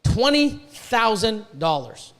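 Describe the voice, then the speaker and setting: A man's voice: high-pitched, very animated, slow, fairly bright tone, clear, resonant tone. A man hosting a podcast, ranting bluntly with constant swearing about breeding reptiles. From Canada. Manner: profane, heated, blunt.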